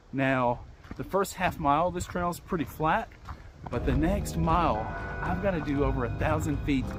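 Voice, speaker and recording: A man from Appalachia chatting casually to the camera as he hikes a mountain trail outdoors, upbeat and at times winded on the climb. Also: on the high side. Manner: chatty, upbeat, talks to camera while hiking. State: out of breath on the climb. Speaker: hiking vlogger.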